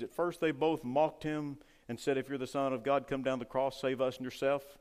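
A man preaching a sermon with fervor, rising loud and dropping to a hush. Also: medium pitch, steady tone, normal speed, few pauses. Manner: fervent preaching, swings between loud and hushed. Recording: long hall reverb.

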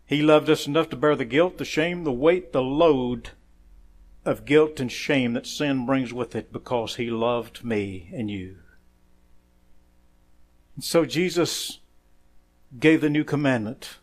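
A man preaching a sermon as pastor, quoting scripture, saying "amen" often, rising to loud emphatic phrases and dropping quiet for asides. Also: slow, pauses often. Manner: emphatic preaching that swells louder on key phrases and drops low and quiet for asides; quotes scripture with frequent "amen".

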